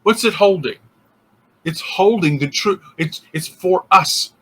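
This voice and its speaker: Bright, high-voiced man teaching casually. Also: a little slow. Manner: thinking aloud with restarts and acted-out inner voices. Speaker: interfaith minister. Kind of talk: casual spiritual teaching talk.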